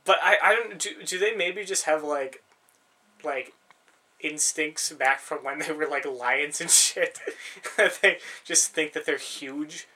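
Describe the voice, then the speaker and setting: A man's voice: a little high, slow pace, pushed and bright. A man in casual chat, rambling through stories, swearing freely and laughing often.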